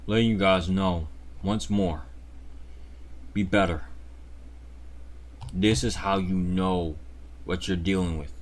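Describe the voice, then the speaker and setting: Slow, deep-voiced sarcastic man. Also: fairly even intonation. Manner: sarcastic mock rant, then blunt and profane. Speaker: channel host. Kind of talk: reaction commentary.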